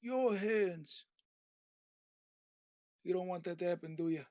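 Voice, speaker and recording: A man voicing an aging, menacing mafia boss in a gruff mock-gangster drawl, recorded on a dull lo-fi setup. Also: high voice, slow pace, a little mellow, dry recording. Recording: dull lo-fi dry home recording.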